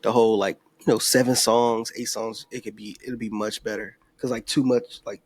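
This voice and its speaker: A man co-hosting a podcast who talks casually and often trails off into quiet asides. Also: lowish voice, steady tone, moderate pace, breathy edge, dry recording. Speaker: podcast co-host. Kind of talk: casual chat.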